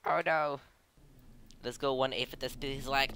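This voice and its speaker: Excitable gamer doing commentary, lots of giggling, bright clear voice. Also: takes it slowly, long pauses. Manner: giggly, excitable, with high yelps. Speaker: gameplay commentator. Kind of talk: gameplay commentary.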